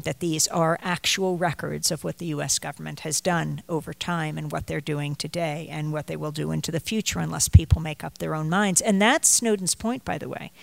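A woman's voice: low voice, gravelly, no room sound. An older woman, a journalist on a book tour, speaking to an audience at a bookstore, wandering into chatty stories and asides. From United States. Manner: digressive storytelling, chatty asides. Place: bookstore event.

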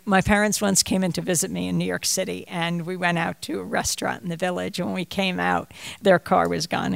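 An older woman with a gravelly edge, talking to a bookstore crowd. She wanders from her point into chatty stories and asides, and her voice sounds close and dry. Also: medium pitch, dry recording. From United States. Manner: digressive storytelling, chatty asides. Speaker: journalist and author on a book tour. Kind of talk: bookstore talk to an audience. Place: bookstore event.

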